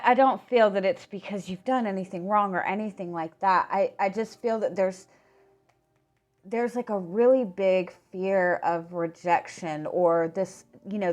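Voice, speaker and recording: A hoarse woman, her medium-pitched voice giving out, reads tarot casually. She speaks in fits and starts, restarting words and dropping in "like."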